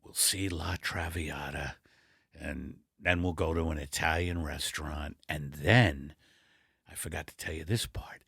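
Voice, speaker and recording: A man voicing Al, a bumbling, apologetic middle-aged husband, in a low mumbling voice in an improvised comedy sketch. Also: steady tone, measured pace, a bit bright, no echo, clean studio sound, heavily acted. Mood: sheepish. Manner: low, gravelly, mumbling and sheepish. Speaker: comedy podcast co-host.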